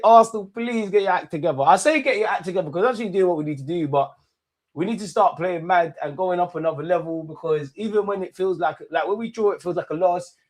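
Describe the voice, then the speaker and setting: Excitable young man streaming football. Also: fairly high pitch. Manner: excitable banter with chat, London slang, swears, laughs often. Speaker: football watch-along streamer. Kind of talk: live match watch-along chat.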